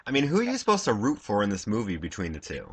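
A man's voice: lowish voice, huge pitch swings, fast talker, husky. A man chatting casually about movies with a friend, matter-of-fact and laid-back. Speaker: podcast co-host. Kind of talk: casual chat.

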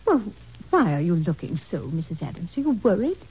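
A chatty, grumbling housekeeper in old-time radio-drama style. Her voice is very raspy and swoops up and down. The recording is dull and lo-fi. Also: fairly low pitch, very animated, brisk, heavily acted. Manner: chatty, complaining. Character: fussy, gossiping woman housekeeper. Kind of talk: 1940s radio acting.

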